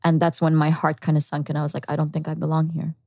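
A woman's voice: sits low, monotone, fast, a little mellow, no echo. A woman guest on a podcast, earnestly and candidly telling her personal story and acting out her past thoughts. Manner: earnest and reflective, with quoted inner thoughts.

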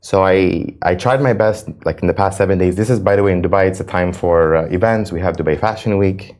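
A man's voice: sits low, brisk, darkish tone. A young man from the United States, answering interview questions earnestly and emotionally, often repeating himself. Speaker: reality show cast member, guest.

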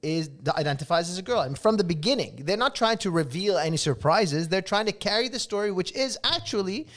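A man's voice: high-pitched, lively intonation, fairly quick, a bit bright. A man co-hosting a podcast, earnestly defending a film, often restarting his sentences. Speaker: podcast co-host. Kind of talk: casual comedic debate.

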